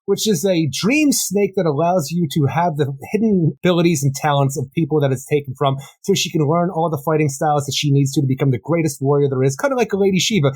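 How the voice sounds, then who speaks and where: A man's voice: fairly high pitch, fast, hardly any pauses, a little mellow, slightly rough. A man co-hosting a comics podcast in casual review chat, eagerly summarizing and often laughing. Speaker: podcast co-host.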